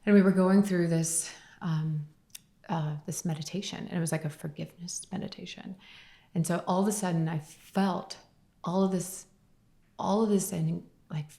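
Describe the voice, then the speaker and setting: Low, gravelly-voiced woman telling her story. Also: steady tone, normal speed, mellow, roomy sound. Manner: earnest, emotional storytelling. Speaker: guest entrepreneur, company founder. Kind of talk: candid podcast conversation.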